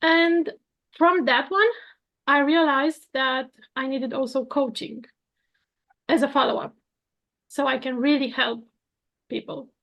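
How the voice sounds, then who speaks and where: A woman's voice: sits high, fairly even intonation, takes it slowly, creaky, long pauses, highs cut off. A woman in her thirties from Romania, talking earnestly about her work as a coach, now and then laughing lightly. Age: 30s. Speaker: coaching guest, architect and coach. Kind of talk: casual conversation.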